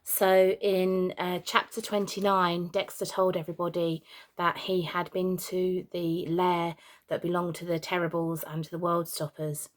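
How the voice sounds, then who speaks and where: A woman reads a children's storybook chapter aloud at a plain, steady pace. She keeps a relaxed, unforced delivery, now and then slipping on a word and starting it again. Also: fairly low pitch, unhurried. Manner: plain, steady reading with small slips and restarts. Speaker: teacher reading aloud.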